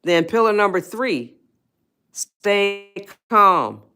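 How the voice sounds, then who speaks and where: A woman with a mid-range voice hosts a self-help live stream, speaking very slowly with big pitch swings in a pushed, bright, clean tone. She talks straight to viewers in the chat, coaxing them and repeating herself to keep them motivated.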